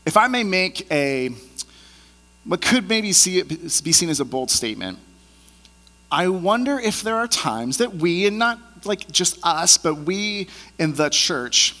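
A man preaching a sermon in a relaxed, conversational way, animated as he acts out the people in his stories. His voice sits a bit high and sounds bright and forceful. A long reverb hangs around every phrase, as if he is in a large church sanctuary. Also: a little slow. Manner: animated storyteller acting out scenes. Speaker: pastor.

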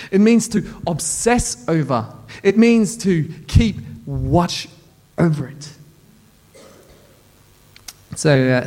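A pastor preaching a sermon to his church, telling funny personal stories in an animated way. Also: fairly high pitch. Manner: animated, humorous storytelling. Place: church in front of a congregation.

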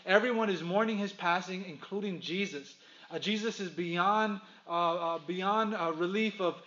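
A man pastor preaching a sermon in a church, emphatic, with long pauses, addressing the congregation directly. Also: high voice, a bit bright, dull audio.

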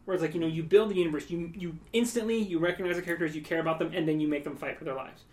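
A man's voice: a little high, fairly even intonation, racing, a little mellow. A man co-hosting a podcast in casual chat, rambling along with joking asides. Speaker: podcast co-host.

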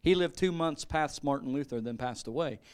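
Man church speaker, mid-pitched, halting, full of restarts. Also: smooth. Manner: halting, many fillers and restarts. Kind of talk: informal teaching on scripture.

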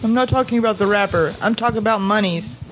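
A woman's voice: medium pitch, fast, noisy background. A woman from Texas with a Texan accent, co-hosting a podcast in playful, mock-exasperated banter. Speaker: podcast co-host. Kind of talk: casual banter.

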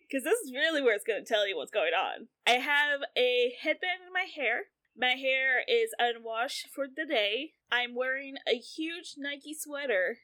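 A woman in her late twenties chatting casually as a podcast co-host, animated and swearing a lot, often laughing through her words. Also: sits high. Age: 20s. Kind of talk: casual chat.

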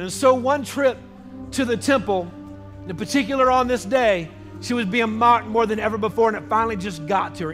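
A high-voiced male pastor delivers an emphatic sermon in a church, calling out questions to the congregation. Faint music sits beneath his voice. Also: a bit bright.

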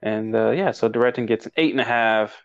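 A man's voice: medium pitch, fairly quick, no room sound. A man co-hosting a casual movie review chat, rambling and emotional, laughing often and restarting his sentences. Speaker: podcast co-host. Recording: dull dry lo-fi sound.

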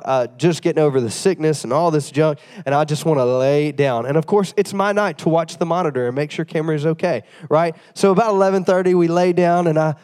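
A young man preaching a sermon, telling a story with lively call-outs to the congregation, tired after the flu. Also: on the high side. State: tired, getting over the flu. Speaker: pastor.

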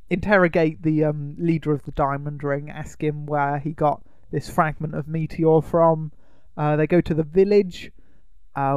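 A man's voice: a little high, darkish tone, clear, resonant tone, dry recording. A man co-hosting a podcast, recapping a film in casual, rambling chat. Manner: rambling, with many ums and uhs. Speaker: podcast co-host.

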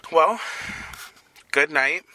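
A man's voice: on the high side, expressive, very slow, pushed and bright, slight background noise. A young man hosting a casual solo podcast from his parked car, rambling and swearing as he talks. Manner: crude, rambling, profane storytelling. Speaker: podcast host.

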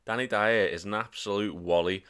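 Smooth-voiced sarcastic man, low. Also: steady tone, moderate pace, a bit bright. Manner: jokey, sweary, sarcastic. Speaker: podcast co-host. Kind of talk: casual banter.

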